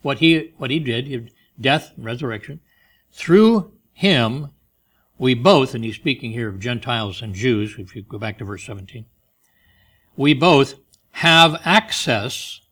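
A man preaching a sermon, pressing key phrases slowly and loudly, then dropping quiet for stories. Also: medium pitch. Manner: emphatic, slows and rises on key phrases, drops soft for stories.

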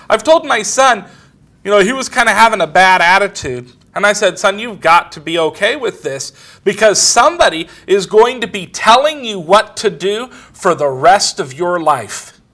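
A man's voice: high voice, pushed and bright. A middle-aged man, preaching a sermon and telling everyday stories in a plain, conversational way. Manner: plain storytelling, quoting others in conversation.

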